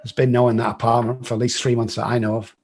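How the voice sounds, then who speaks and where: Husky-voiced English man telling his story. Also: mid-range voice, flat delivery, rapid-fire, a little mellow. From England. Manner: blunt, swears freely, acts out other people's lines. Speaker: guest. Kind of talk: storytelling in an interview.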